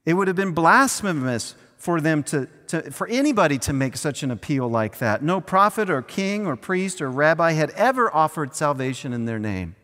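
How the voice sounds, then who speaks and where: Very animated and barely pausing, a pastor with a little high, slightly bright voice preaches at normal speed. His sermon is conversational, punctuated by acted-out scenes, and the church recording has long hall reverb.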